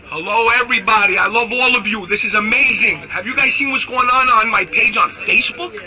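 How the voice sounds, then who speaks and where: A man's voice: high voice, a little fast, rough recording. A man delivering a brash, insulting political rant. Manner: brash, loud, insulting, animated ranting. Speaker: political commentator in a clip. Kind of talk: ranting political monologue.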